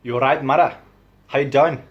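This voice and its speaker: A man's voice: mid-range voice, fairly even intonation, a little fast, slightly rough, lo-fi sound, close to an everyday voice. A man voicing a friendly young male Newcastle local in a put-on Geordie accent, chummy and sing-song. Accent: Geordie imitation.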